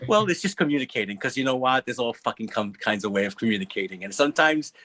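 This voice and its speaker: A man speaking on a panel in a casual, animated, profane way, acting out little quoted voices. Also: mid-range voice, fast.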